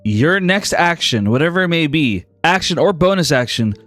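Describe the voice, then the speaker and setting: A man running a tabletop game, narrating scenes in a steady, dramatic way. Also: fairly high pitch, normal speed, faint music behind. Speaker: game master.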